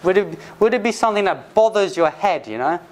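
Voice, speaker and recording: A man's voice: high voice, expressive. Patient man teaching English phrases. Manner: patient, repeats phrases slowly with many restarts. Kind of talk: explaining phrases to learners. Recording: faint background noise.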